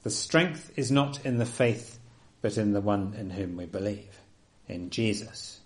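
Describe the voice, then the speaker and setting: A man preaching a sermon, earnest and emphatic, often dropping to a soft, quiet delivery. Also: fairly low pitch, a little slow.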